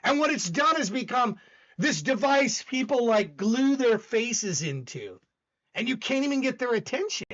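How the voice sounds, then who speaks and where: A man's voice: extremely high pitch, very animated, normal speed, a bit bright. Intense guy rambling on his stream, voice jumps all over, kinda dull lo-fi sound. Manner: intense, emphatic, rambling with repeated restarts. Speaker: host. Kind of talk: casual livestream chat.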